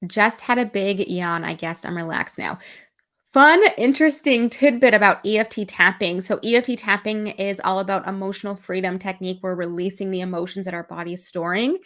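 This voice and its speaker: A woman's voice: medium pitch, brisk, fairly bright tone. A woman coaching a live-stream EFT tapping and guided meditation session, speaking in a soothing, encouraging voice.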